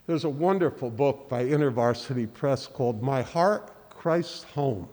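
A man preaching a sermon in earnest, halting speech, often restarting and repeating words. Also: mid-range voice, lively intonation, darkish tone, in a large hall. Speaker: pastor. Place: church sanctuary.

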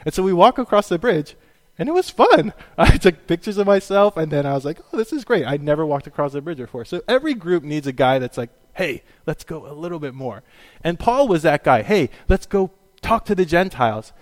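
A middle-aged male pastor delivers a sermon in a loose, chatty storytelling manner, filling his pauses with ums and small laughs. His voice sits a little higher than most men's and rings with the long reverb of a large hall. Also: lively intonation. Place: church sanctuary.

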